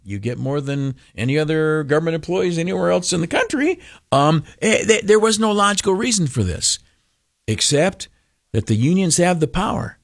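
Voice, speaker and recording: A man's voice: fairly high pitch, big pitch swings, moderate pace, gravelly, dry recording, studio quality. Sex: male. Role: talk radio host. Style: opinionated political commentary. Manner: rambling, folksy, sarcastic, full of "uh"s.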